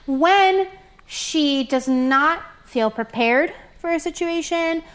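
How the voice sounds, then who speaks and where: A woman in her twenties chatting casually and telling animated family stories with lots of fillers. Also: sits high, slow pace. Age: 20s. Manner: animated storyteller, many fillers. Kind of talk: casual chat, storytelling.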